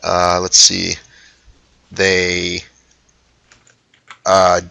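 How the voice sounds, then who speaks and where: A man's voice: low-pitched, monotone, very slow, gravelly, sharp tone, clear, resonant tone, no room sound. A young man running a tabletop game as dungeon master, hesitant and full of fillers. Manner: hesitant, many fillers and restarts, laughs often. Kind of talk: casual tabletop game talk.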